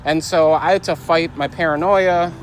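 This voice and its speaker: Agitated high-voiced man venting outdoors. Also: steady tone, normal speed, a little hiss or hum, low-quality recording. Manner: agitated, venting, quotes people in raised voices. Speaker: podcast host. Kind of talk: casual angry storytelling vlog.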